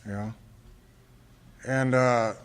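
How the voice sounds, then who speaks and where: An American man from Fresno, California, giving an earnest personal testimony at a recovery meeting, halting often and repeating words as he restarts. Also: mid-range voice, fairly even intonation, clear, resonant tone. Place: large hall at a convention. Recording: reverberant hall recording.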